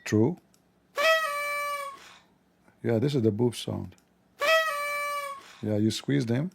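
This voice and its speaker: A man hosting a livestream, talking in a sarcastic, mocking comedic monologue with a gravelly voice. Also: on the low side, measured pace, loud music behind the voice. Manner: sarcastic, mocking, acts out dialogues. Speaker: livestream host.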